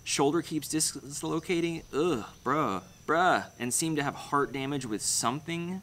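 This young man, hosting his channel, speaks a little slowly with few pauses, his voice a little high and fairly bright, with a little hiss or hum in the recording. He's going over viewer comments in a casual livestream, blunt, rambling and free with profanity.

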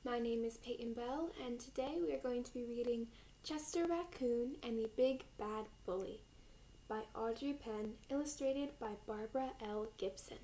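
A young woman, a volunteer reader, calmly reading a children's picture book aloud. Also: on the high side, moderate pace, slight background noise, poor audio.

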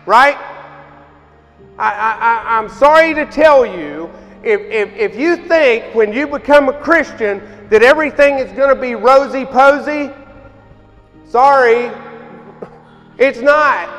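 Man, pastor, very high voice, slow deliberate delivery, reverberant church hall, faint music. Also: a bit bright. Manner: folksy, emphatic preaching with frequent "right?". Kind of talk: sermon.

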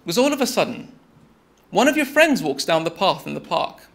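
A young man with a noticeably high voice gives a TED-style talk. He tells a story in a relaxed, conversational way and keeps speaking straight to his listeners as "you". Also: fairly quick, creaky.

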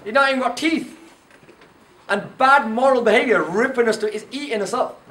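Animated man lecturing, echoey hall. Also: very high-pitched, moderate pace. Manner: animated storyteller, quizzes the audience. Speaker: camp speaker. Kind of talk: lecture to teenagers at a youth camp. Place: indoor camp hall. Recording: echoey room, far from the mic, faint noise.

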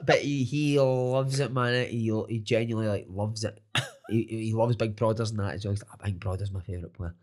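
Scottish guy talking fast, swearing and laughing, football coach chatting away. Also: on the low side, steady tone, a little mellow. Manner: swears freely, tells stories with laughs. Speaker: football coach and podcaster, interview guest. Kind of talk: casual interview chat.

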